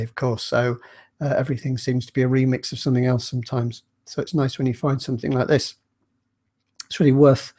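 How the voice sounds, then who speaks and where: Man, slight cold, casual book vlogger; warm, dark tone, thoughtful and conversational. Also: mid-range voice. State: slight cold, clears throat. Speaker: book reviewer. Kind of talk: casual book discussion with a read-aloud.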